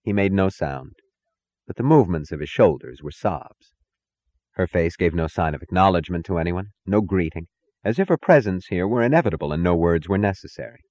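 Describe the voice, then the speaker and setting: A man narrating a novel in a measured, dramatic reading that gives each character its own voice. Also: sits low, expressive, a little mellow, lo-fi sound. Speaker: audiobook narrator. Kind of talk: scripted narration.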